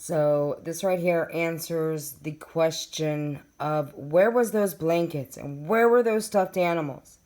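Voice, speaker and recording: A low-pitched woman speaks slowly and casually, addressing her viewers directly as she works through case papers. She turns emphatic and indignant when driving home a point. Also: a little mellow. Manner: chatty, addresses viewers directly, reads documents aloud. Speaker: true crime vlogger. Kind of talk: casual talk to camera.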